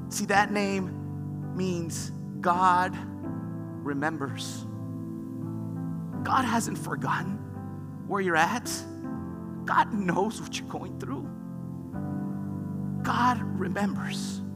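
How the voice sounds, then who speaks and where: A man's voice: sits high, very slow, long pauses. A man preaching a sermon, retelling scripture stories with rising fervor. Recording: long reverb with music behind.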